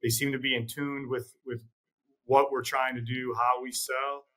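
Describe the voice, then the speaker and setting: A man as an interview guest, talking in a measured, plain-spoken way and repeating words as he thinks. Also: mid-range voice, level tone, a bit bright, rough recording. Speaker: guest, trading executive. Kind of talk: casual interview chat.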